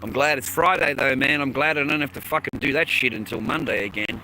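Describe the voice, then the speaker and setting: Australian man, rambling livestream chat, crude slangy talk, forceful bright tone. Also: medium pitch, brisk, slight background noise, poor audio. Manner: swears freely, rambling, slangy. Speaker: livestreamer chatting with viewers.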